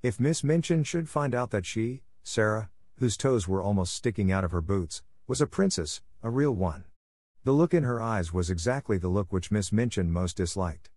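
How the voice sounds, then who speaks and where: A man narrating an audiobook in a steady, measured way. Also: on the low side, dry recording. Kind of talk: scripted narration.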